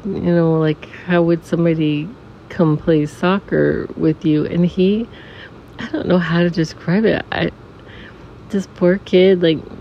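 A middle-aged woman telling a reflective personal story as a podcast guest, softly and haltingly, with many restarts and some near-whispers. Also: fairly low pitch, gravelly. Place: room in a family home. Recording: dull recording with faint air conditioner hum. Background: air conditioner hum.

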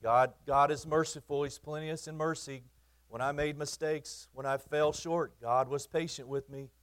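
A man's voice: a little high, steady tone, moderate pace, a bit bright. Male pastor preaching conversationally. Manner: conversational, emphatic, repeats and restarts phrases; teasing asides to the congregation. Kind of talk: sermon.

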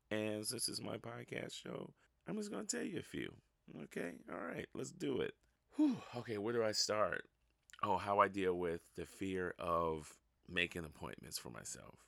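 A man's voice: low-pitched, animated, moderate pace, gravelly, sharp tone, no echo, studio quality. A man hosting a casual solo podcast, rambling and self-mocking, laughing at his own stories. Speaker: podcast host.

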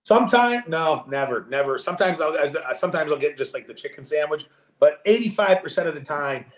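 Man, podcast co-host, casual chat, profane animated storytelling, high lively voice, echoey room. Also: fairly quick.

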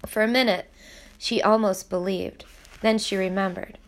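A woman narrating a novel aloud in a steady, even storytelling voice. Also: medium pitch, moderate pace. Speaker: audiobook reader.

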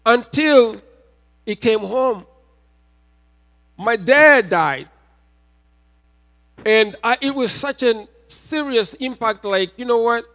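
A man preaching a sermon as a pastor, telling a personal testimony and building to shouted appeals. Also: very high voice, lively intonation, slow pace, long pauses. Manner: testimony told with rising intensity, often shouting. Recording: reverberant hall.

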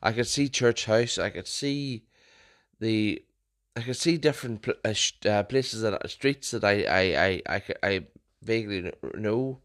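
A man's voice: lowish voice, normal speed, fairly bright tone. A young man hosting a podcast, telling stories in a casual, rambling way with frequent restarts and self-corrections. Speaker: podcast host.

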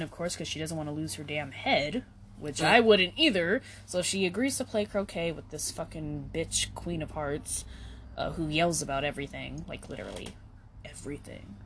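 A woman's voice: fairly low pitch, slight background noise. A woman podcast host retelling a story in a casual, slangy way, full of "like" and swearing. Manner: slangy, swears, many "like" fillers.

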